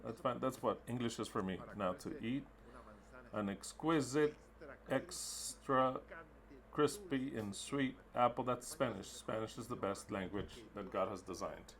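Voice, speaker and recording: A man's voice: medium pitch, measured pace, fairly bright tone. A man interpreting a sermon into English live, emphatic and repetitive, with blunt wording.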